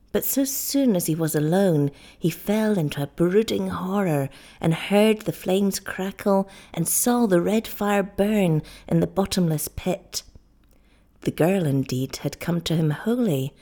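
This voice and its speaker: A woman narrating a story aloud in a measured, even way. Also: medium pitch. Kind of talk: scripted audiobook narration.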